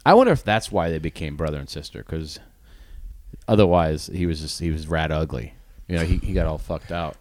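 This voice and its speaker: A man's voice: extremely low pitch, lively intonation, fairly quick, no room sound. A man co-hosting a podcast, joking and riffing in casual banter. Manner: joking, riffing, laughs often. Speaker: podcast co-host.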